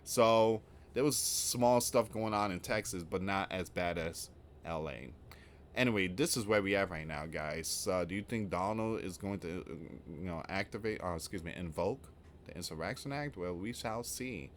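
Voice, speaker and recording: A man's voice: deep voice, moderate pace, a little hiss or hum. A man hosting an online news channel, reading out reports and then commenting on them in a rambling, informal way.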